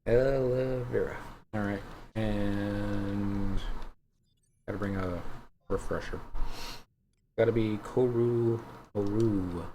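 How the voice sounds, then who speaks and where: A man streaming a video game, thinking out loud in a casual, musing way as he weighs his choices. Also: on the low side, level tone, takes it slowly, long pauses, slight background noise. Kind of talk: casual live-stream commentary. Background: faint game music.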